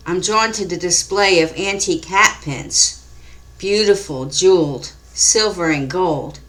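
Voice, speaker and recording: A woman reading her own mystery story aloud in a calm, measured storytelling manner. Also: mid-range voice. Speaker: author and narrator. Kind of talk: scripted story narration.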